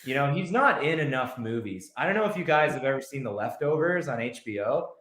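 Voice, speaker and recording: A man's voice: medium pitch, animated, a little fast, a bit bright. Enthusiastic man in an echoey room. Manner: enthusiastic, acts out scenes. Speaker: podcast guest. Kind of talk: casual film chat.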